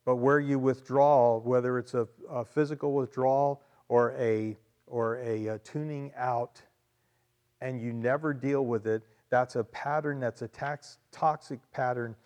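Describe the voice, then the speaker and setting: A man's voice: mid-range voice, darkish tone. A male pastor preaching with emphatic, conversational delivery in a mid-range voice. He repeats key phrases for weight and slips in friendly asides to the people in the church. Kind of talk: sermon.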